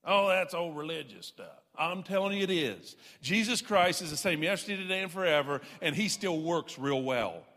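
Man preaching, folksy and emphatic, higher-pitched voice, long hall reverb. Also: moderate pace, few pauses, a bit bright. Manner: folksy, self-deprecating, emphatic preaching with repeated "I'm telling you". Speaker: pastor. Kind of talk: sermon.

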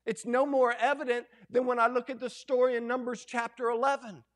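A middle-aged man preaching a sermon as pastor, folksy and animated, acting out quoted lines. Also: very high voice, a little fast.

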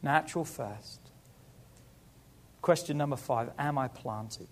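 A man's voice: mid-range voice, slow pace. A middle-aged man preaching a sermon as pastor, building emphasis through repeated rising phrases.

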